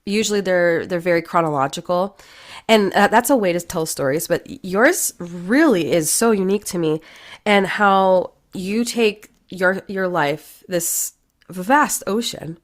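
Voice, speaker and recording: Woman, fairly low voice, heartfelt interview host, effusive. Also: measured pace. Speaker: podcast host. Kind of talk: interview conversation.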